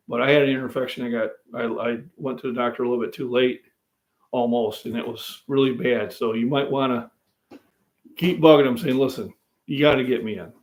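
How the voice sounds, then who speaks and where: An older male fitness channel host, cooking in his home kitchen, rambles folksily to his viewers on a relaxed live stream. His mid-range voice moves at a moderate pace and pauses often. The audio is roomy, with the voice off-mic.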